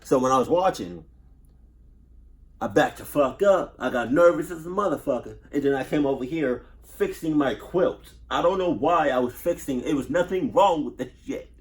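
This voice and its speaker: Lively, profane man reacting. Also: on the high side, normal speed. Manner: profane, rambling, repeats himself. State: nervous. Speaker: reaction youtuber. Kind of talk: casual reaction commentary.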